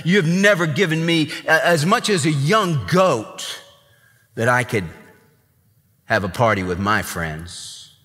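A man's voice: fairly high pitch, animated, a little slow, sharp tone, long reverb tail, soft background music. A man playing a bitter, self-righteous grown son who gripes resentfully at his father. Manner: resentful, disrespectful griping.

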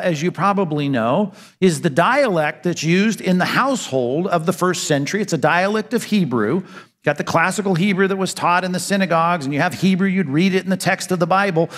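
A man's voice: sits high, a bit bright, big-room sound. A man preaching a sermon as pastor, earnest and emphatic, asking rhetorical questions and answering them.

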